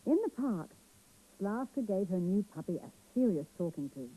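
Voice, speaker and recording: Husky-voiced storyteller woman. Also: medium pitch, moderate pace, low-quality recording. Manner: gentle, expressive, asks the children questions. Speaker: children's TV presenter. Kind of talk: storytelling for young children.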